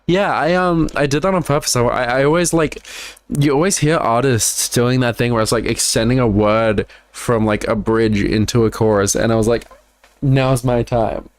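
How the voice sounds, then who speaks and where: An Australian musician casually breaks down the songs on his album, rambling with lots of "like" and repeated words. His medium-pitched voice is fairly even and moderately paced, with a clean tone on a dry recording.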